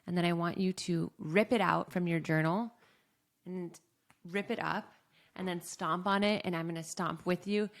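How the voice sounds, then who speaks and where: A young adult woman, a life coach, calmly guiding listeners through a self-help exercise, often saying "like.". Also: on the low side. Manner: calm, slow guiding with frequent "like".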